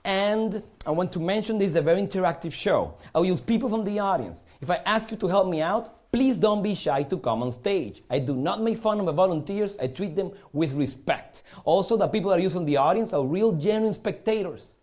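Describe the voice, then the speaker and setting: A man's voice: high-pitched, animated, brisk, few pauses, darkish tone. A man from Puerto Rico with a Puerto Rican accent, performing a live magic show on a studio stage and joking theatrically with the audience.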